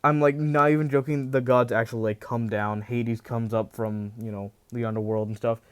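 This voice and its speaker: A man's voice: medium pitch, flat delivery, moderate pace, clear, resonant tone. A man casually telling a fan fiction story, rambling with many restarts and filler phrases. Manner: rambling, full of "you know" and restarts.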